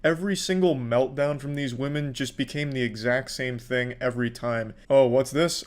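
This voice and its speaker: A young man giving sardonic reaction commentary in a deadpan way, swearing a lot. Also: medium pitch. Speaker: commentary YouTuber.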